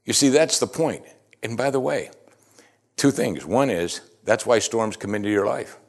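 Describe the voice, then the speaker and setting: This sermon comes from a man with a medium-pitched voice talking at normal speed. His style is conversational, punctuated by rhetorical questions that climb into animated, emphatic bursts.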